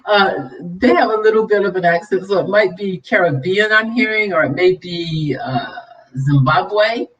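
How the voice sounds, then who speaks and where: A woman's voice: mid-range voice, moderate pace, far from the mic, lo-fi sound. A woman hosting a livestream commentary, preachy and scolding, then chatty and laughing with her viewers. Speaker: vlog host.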